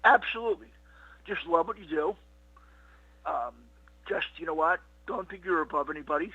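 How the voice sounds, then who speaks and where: With a slightly high, bright and forceful voice that has a breathy edge, a middle-aged comedian guest tells rambling, casual interview stories at a moderate pace, full of "you know what" and "he goes." The recording is dull, lo-fi and dry, without echo.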